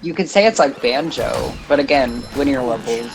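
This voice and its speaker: A woman's voice: rumbling low, animated, moderate pace, gravelly, music in the background, poor audio. A woman joining a game stream, musing at length about game design and filling her sentences with "like". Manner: analytical, rambles with lots of "like". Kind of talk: casual chat on a game stream.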